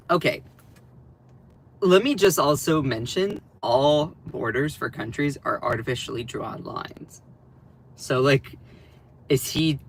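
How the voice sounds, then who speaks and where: A man talks through political clips on his stream in a casual, sarcastic way. His voice sits a touch high for a man. He rambles, trails off and restarts sentences as he reacts. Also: sharp tone. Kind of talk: casual commentary.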